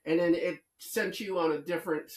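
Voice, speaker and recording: A man's voice: sits high, fairly even intonation. Podcast guy fumbling his question, lots of restarts, echoey room. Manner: halting, many false starts. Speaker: podcast co-host. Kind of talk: casual chat.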